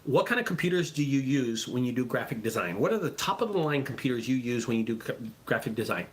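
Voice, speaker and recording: A man who runs a junk removal business, talking casually and excitably to his viewers, swearing freely and repeating himself. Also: mid-range voice, quick pace. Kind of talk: casual profane vlog talk.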